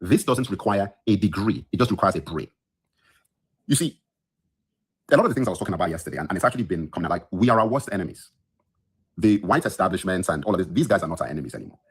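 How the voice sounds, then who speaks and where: A man's voice: low voice, expressive, quick pace, long pauses, slightly rough. A man hosting a podcast, ranting heatedly into his phone from his bedroom, just woken up, indignant and emphatic and repeating lines for effect. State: just woke up. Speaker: podcast host. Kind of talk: heated solo livestream rant.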